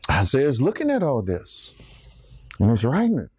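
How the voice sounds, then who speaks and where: A man preaching a sermon, retelling scripture stories with animated exclamations and call-and-response calls. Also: mid-range voice, normal speed, slightly rough, no room sound.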